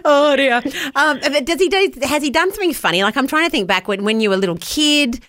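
A woman's voice: high voice, animated, fast, fairly bright tone, dry recording. A woman hosting a radio show, bubbly and effusive. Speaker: radio host. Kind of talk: casual radio chat.

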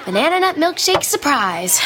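A woman's voice: a little high, expressive, moderate pace, noisy background, lightly acted. An actress playing a good-natured, slightly clumsy teenage girl who talks sheepishly. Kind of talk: radio drama acting.

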